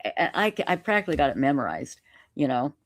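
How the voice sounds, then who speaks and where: A woman live streamer telling a story in casual interview chat, animated and self-mocking, laughing often. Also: low-pitched, a little fast. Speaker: YouTube live streamer reading a letter.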